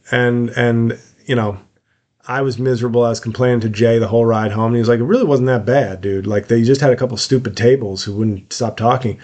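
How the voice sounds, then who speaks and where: A rambling man telling a story. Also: mid-range voice. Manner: rambling storytelling with frequent fillers and restarts. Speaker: podcast host, comedian. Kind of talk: casual monologue.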